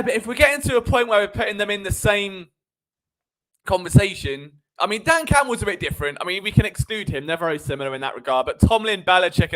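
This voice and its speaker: A man hosting a live sports stream. He talks in an animated, sarcastic way and drifts into tangents. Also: high-pitched. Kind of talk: live sports commentary chat.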